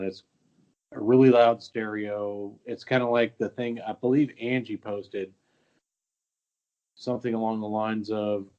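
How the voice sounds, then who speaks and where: A man, a guest homeowner, telling a story in an easygoing, unhurried way. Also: lowish voice, darkish tone. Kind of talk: casual storytelling. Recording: dull lo-fi audio.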